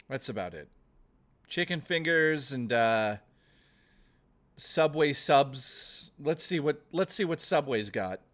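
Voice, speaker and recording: A man chatting casually on a livestream, ranting in a profane, excitable way and jumping from topic to topic. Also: medium pitch. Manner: jumps topic to topic.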